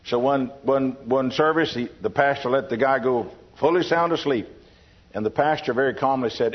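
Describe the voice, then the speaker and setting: Folksy Texan preacher on lo-fi tape. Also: male voice, mid-range voice, normal speed. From Texas. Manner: folksy, humorous anecdote-telling. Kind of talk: sermon with folksy storytelling. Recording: dull lo-fi sermon recording.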